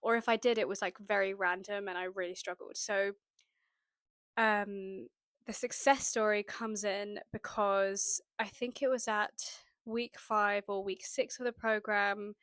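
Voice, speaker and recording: A young woman from the UK telling a personal story in a chatty, animated way, acting out her own thoughts as she goes. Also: medium pitch, measured pace, no room sound, studio quality. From United Kingdom. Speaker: manifestation vlogger. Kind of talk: casual storytelling to camera.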